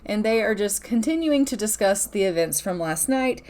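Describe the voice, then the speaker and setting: A woman's voice: medium pitch, animated, moderate pace, a little mellow. A woman host narrating her life-simulation gameplay in a chatty, playful, casual way, laughing now and then. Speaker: gaming channel host. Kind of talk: casual let's-play narration.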